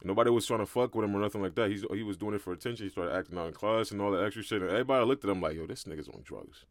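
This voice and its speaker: A man's voice: on the low side, no room sound, studio quality. A young man with a Brooklyn accent, chatting on a podcast and telling street stories with plenty of "feel me.". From Brooklyn, New York. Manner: streetwise storytelling, says "feel me" often. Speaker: podcast co-host. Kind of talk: casual podcast chat.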